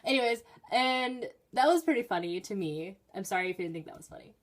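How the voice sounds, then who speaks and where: Teen girl vlogger, chatty and rambling, mid-range voice, talks from her bedroom with sudden excited spikes. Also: mid-range voice, fast. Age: teenager. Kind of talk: casual storytelling vlog.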